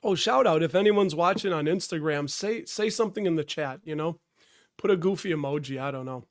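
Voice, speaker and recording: A man's voice: a little high, brisk. A middle-aged man with a head cold hosts a live stream in a casual, rambling way, often breaking off to greet people in the chat. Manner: rambling, self-interrupting, greets chatters. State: stuffed up from a cold.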